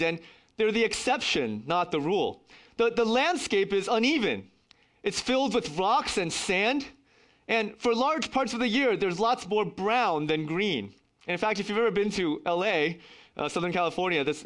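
Lively, high-voiced male preacher. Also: normal speed. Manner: earnest, emphatic preaching with wry asides. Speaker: pastor. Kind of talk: sermon.

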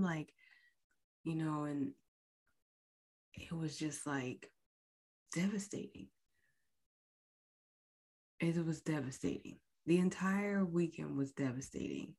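Low-voiced woman talking slow, hushed almost whispering, telling her own story on a podcast. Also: fairly even intonation. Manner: slow, halting, often dropping to a near whisper. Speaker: podcast host. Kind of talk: personal storytelling.

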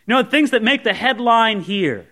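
A man's voice: extremely high pitch, expressive, normal speed, pushed and bright. A man preaching a sermon to a congregation, talking conversationally and acting out objections from listeners. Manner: conversational, voices imagined objections. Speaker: pastor. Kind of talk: expository sermon. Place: church service before a congregation.

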